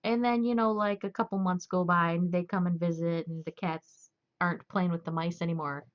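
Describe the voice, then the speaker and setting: A woman's voice: lowish voice, steady tone, a little fast. A young woman streamer chatting loosely and laughing as she tells stories. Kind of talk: casual chat. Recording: dull lo-fi stream audio.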